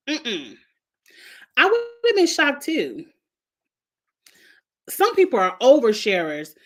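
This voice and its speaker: Slow and pausing often, this livestream host and show reviewer talks frankly about a reality show, laughing a lot and welcoming chat viewers by name between comments. Her voice is a little high, with wildly swooping pitch.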